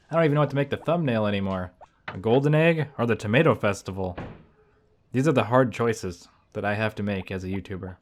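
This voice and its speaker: A man talking casually over his gameplay as a YouTuber, thinking out loud with rambling asides. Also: lowish voice, slight background noise. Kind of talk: casual let's-play commentary.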